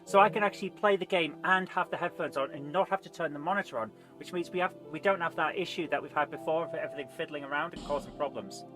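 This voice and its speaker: A man's voice: fairly high pitch, fast, hardly any pauses, music in the background. A man chatting casually on a live game stream, rambling, reading viewer comments aloud and eating between remarks. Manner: rambling, reads chat aloud, eats while talking.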